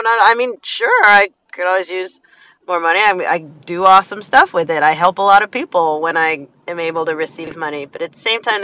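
Bright-voiced woman, animated storyteller. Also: mid-range voice, no room sound, rough recording. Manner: animated, acts out quotes in lively voices. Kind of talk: casual motivational monologue. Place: inside a car.

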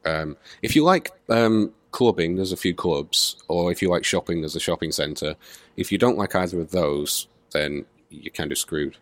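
A young Englishman in his twenties, from Manchester, talks through a casual podcast interview with a dry, sarcastic edge. His voice sits very low, and the recording is dry and close with little room sound. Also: moderate pace, no room sound. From Manchester, England. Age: 20s. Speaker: podcast guest.

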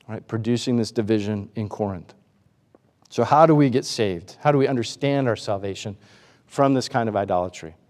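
A man's voice: medium pitch, a little mellow, in a large hall. A man preaching a sermon, asking the congregation rhetorical questions and acting out the voices he quotes. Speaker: pastor.

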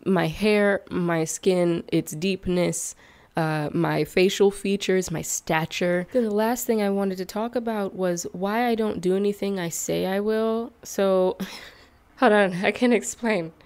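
A young woman chatting casually to her viewers in a vlog. She talks in an animated way, swoops up in pitch on questions and asides, and laughs often between thoughts. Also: slow. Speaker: YouTuber.

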